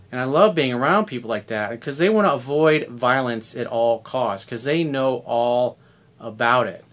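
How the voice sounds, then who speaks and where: A man's voice: mid-range voice, a bit bright. A man in his fifties, a dating coach talking through a video coaching monologue in a blunt, conversational way with casual swearing. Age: 50s.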